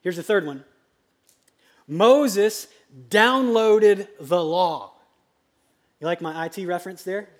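A male pastor preaching a sermon in a conversational, lively way, with sudden loud outbursts. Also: high-pitched, slow pace, long pauses. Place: church sanctuary.

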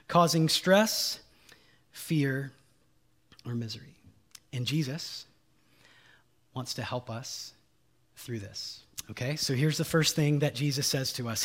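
Pastor guy preaching, kinda high voice, repeats stuff and quizzes the crowd, casual asides. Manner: emphatic, repeats key lines, quizzes the congregation; folksy, informal asides. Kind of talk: sermon.

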